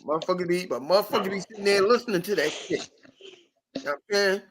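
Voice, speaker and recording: A podcast host ranting in casual chat, profane and animated, and circling back on his own words. His voice sits high. It has a bright, forceful edge. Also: fast talker.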